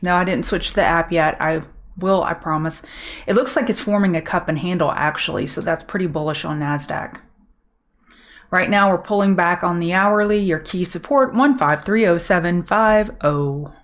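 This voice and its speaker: A woman's voice: fairly low pitch, moderate pace. A middle-aged woman from Louisiana with a Southern accent, hosting a live market commentary stream in a chatty, upbeat way and answering viewers by name. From Louisiana, USA. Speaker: trading show host.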